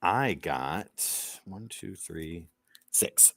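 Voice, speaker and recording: A man's voice: low-pitched, lively intonation, very slow, vocal fry, a bit bright, dry recording. A man co-hosting a casual comic book show, joking with his partner and reading sponsor plugs. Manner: teasing, jokey, reads sponsor plugs. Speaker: co-host. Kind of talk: casual chat.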